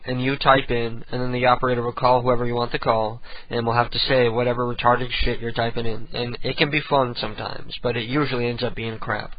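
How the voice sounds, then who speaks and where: A man's voice: medium pitch, no room sound, lo-fi sound. A man hosting a casual solo internet radio show at home, rambling and cursing in an exasperated way. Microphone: home desk microphone.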